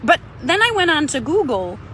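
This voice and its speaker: A woman's voice: high voice, sing-song, moderate pace, fairly bright tone, a little hiss or hum. A woman, a Pilates instructor, telling a personal story in a conversational way, acting out other people's lines.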